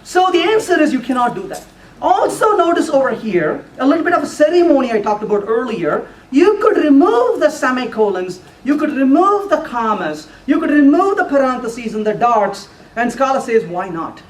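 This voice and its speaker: A man giving a technical talk with live coding to a user group, animated and playful, now and then putting on a mock voice for the compiler. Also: very high-pitched, normal speed. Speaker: conference speaker. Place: lecture room at a user group meeting. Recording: echoey room, voice from far off.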